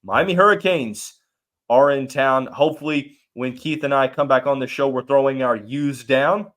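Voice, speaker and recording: A man hosting a casual sports podcast, animated and joking, rambling with restarts, and he has the hiccups. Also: medium pitch, moderate pace. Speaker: podcast host.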